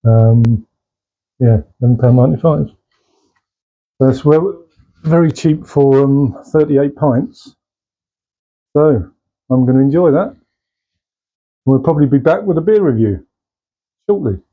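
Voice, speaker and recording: A man chatting casually as he brews and pours his own beer in a home bar shed, relaxed and asking tag questions. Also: medium pitch, takes it slowly, pauses often, phone-quality sound. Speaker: home brewer. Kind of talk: casual how-to chat. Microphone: camera mic, held by a helper.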